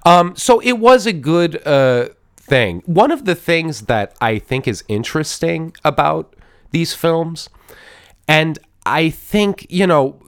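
This podcast host's voice is fairly high, clean, and very animated, though he takes his time, and the studio recording is dry. Reviewing a movie casually, he's wry and mock-admiring, rambling with plenty of restarts and repeated words.

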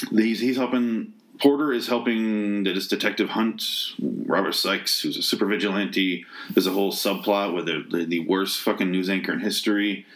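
Sarcastic, exasperated man ranting. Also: low voice. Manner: exasperated, sarcastic, swears often, rambling restarts. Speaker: movie reviewer. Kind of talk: casual spoken rant.

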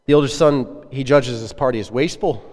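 A man's voice: mid-range voice, a little fast, darkish tone. A man preaching a sermon as a pastor, earnest and conversational, putting questions to his listeners. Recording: echoey hall with long reverb.

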